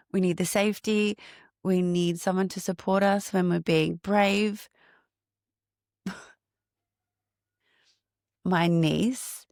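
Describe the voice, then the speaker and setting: A woman hosting her own podcast, reflecting on healing and breathwork, laughing often and slowing into a guided meditation. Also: lowish voice, gravelly, dry recording, clean studio sound. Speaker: podcast host and breathwork coach.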